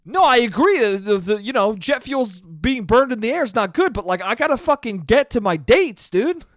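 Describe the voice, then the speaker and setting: A man's voice: extremely high pitch, very animated, moderate pace, no echo, clean studio sound. A man putting on an indignant, defensive middle-aged TV science guy who whines and swears in exasperation. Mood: exasperated. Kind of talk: comic impression in a solo podcast.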